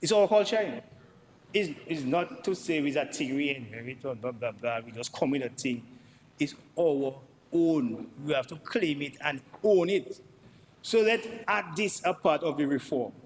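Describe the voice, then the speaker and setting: A slightly high, animated male voice at normal speed carries a Dominican accent through an emphatic budget speech in the parliament chamber. The MP repeats himself to drive points home and directs his words to the Speaker, heard with long chamber reverb and faint background noise.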